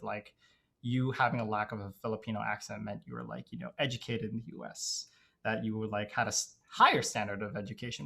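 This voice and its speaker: A young man who grew up in Dubai appears as a guest in a casual podcast interview, speaking hesitantly and reflectively. He leans heavily on "like" and "you know," and his medium-pitched voice is creaky.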